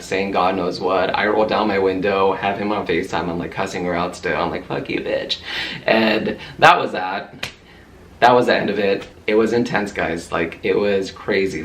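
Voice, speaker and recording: A man's voice: deep voice, fairly bright tone, slight background noise. A man vlogger telling a story to camera in a heated, profane way.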